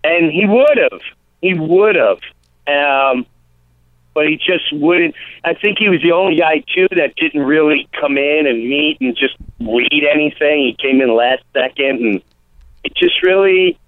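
Comedian guy chatting on the radio, acts out quotes, bit high, sounds like over the phone. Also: a little slow, no echo. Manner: animated storytelling, acts out quotes. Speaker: comedian guest. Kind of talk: casual radio interview. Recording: tinny phone-line sound.

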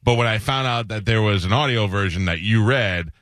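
Joking middle-aged radio host. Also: male voice, lowish voice, fairly quick, a bit bright, no room sound. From New York. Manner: joking, laughs often. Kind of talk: casual radio interview.

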